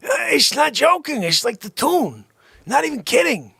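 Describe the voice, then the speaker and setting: A man hosting a casual livestream, chatting excitably, laughing often and calling out to viewers. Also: very high voice, moderate pace, vocal fry. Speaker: livestream host. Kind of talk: casual livestream chat with music.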